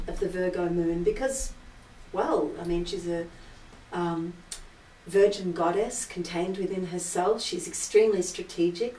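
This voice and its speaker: A woman's voice: fairly low pitch, a little mellow, slight background noise. A woman singer hosting a live-stream concert, chatting casually between songs and rambling through myths with many fillers. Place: indoor room with an altar. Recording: roomy echo, heard from a distance.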